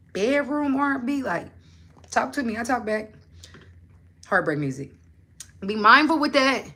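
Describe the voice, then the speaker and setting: A woman's voice: mid-range voice, a bit bright. A woman, hosting a casual motivational livestream. She preaches and talks in slang, firing direct questions at her viewers.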